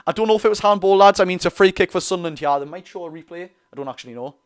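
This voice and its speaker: A young man with a Geordie accent hosting a live football watch-along, chatty and excitable, bursting into loud reactions. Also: high-pitched, very fast, clean tone. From North East England. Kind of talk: live fan commentary.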